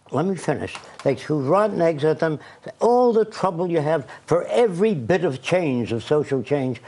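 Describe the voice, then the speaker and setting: A man's voice: on the high side, dark tone. An older man giving an insistent, lecturing interview and telling anecdotes. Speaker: interview guest. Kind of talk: radio interview.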